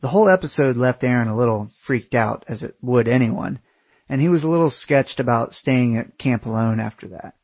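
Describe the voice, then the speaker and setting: Husky male memoir narrator, wry and candid, dry close-miked read. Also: medium pitch, expressive, fairly quick, a little mellow, dry recording. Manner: wry, candid, casual swearing. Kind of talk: first-person memoir narration.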